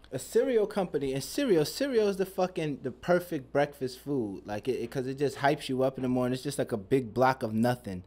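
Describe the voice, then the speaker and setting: A man's voice: mid-range voice, lively intonation, a little fast, few pauses, darkish tone. A young man hosting a podcast, talking in a loose, profane, rambling and joking way. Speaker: podcast host. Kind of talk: casual chat.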